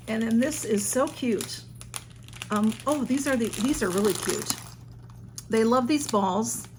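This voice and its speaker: Woman vlogger, casual and effusive, mid-pitched voice, faint background hiss. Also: gravelly. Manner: gushing, exclaims the sender's name, chatty with fillers. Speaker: vlogger unboxing a gift. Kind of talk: casual unboxing chat.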